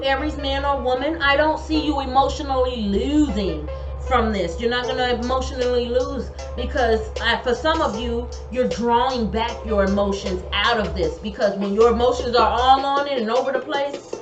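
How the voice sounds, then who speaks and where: Woman doing a tarot reading, talks kinda high, super emphatic and chatty, echoey room with music going behind. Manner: emphatic, colloquial, repeats her advice. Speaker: tarot reader.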